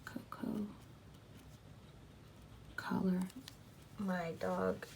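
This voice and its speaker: Slow, gravelly, half-whispering woman. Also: fairly low pitch. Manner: soft, often half-whispered, muttering to herself; self-deprecating, flustered at her own mistakes. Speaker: planner vlogger. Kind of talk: casual plan-with-me narration. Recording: noisy home recording.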